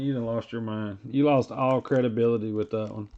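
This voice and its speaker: A man's voice: medium pitch, steady tone, brisk, dark tone, a little hiss or hum. Man chatting while opening cards. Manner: rambling, reads card names aloud between stories. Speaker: card break host. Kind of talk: casual live-stream chat while opening card packs. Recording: dull lo-fi stream audio.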